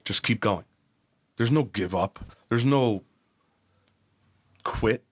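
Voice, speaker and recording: Podcast guest: a man in his forties from New Jersey, low-pitched, blunt and profane. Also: slow pace. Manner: blunt, profane, acts out quoted voices. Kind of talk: candid personal storytelling.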